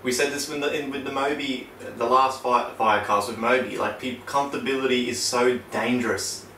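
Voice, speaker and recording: A man's voice: fairly quick, slight background noise. A young man, co-hosting a casual podcast chat, swearing freely and telling stories with lots of energy. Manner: swears a lot, animated storyteller. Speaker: podcast co-host. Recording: roomy, distant low-quality backup mic.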